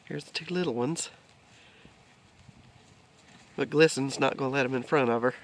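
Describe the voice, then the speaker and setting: A man explaining grazing on his farm in a relaxed, casual way. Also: medium pitch, normal speed, a little hiss or hum. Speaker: homesteader filming the farm. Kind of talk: casual farm vlog narration. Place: outdoors on a farm pasture.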